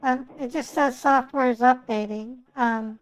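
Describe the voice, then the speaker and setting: A man's voice: very high voice, fairly even intonation, unhurried, voice pushed up, low-quality recording. A man voicing a timid elderly woman who politely stalls and hesitates in a scam-bait phone role-play. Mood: polite stalling.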